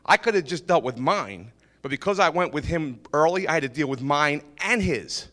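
A man's voice: fairly high pitch, moderate pace, big-room sound. A man sharing a church testimony about his business, telling it informally and acting out what people said, with many repeats and restarts. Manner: lively, acts out dialogue, repeats and restarts. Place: ministry meeting hall.

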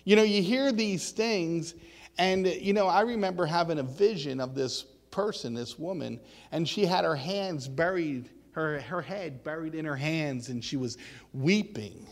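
A man's voice: a little high, vocal fry, big-room sound. A man preaching a sermon in a conversational, storytelling way, asking his listeners questions.

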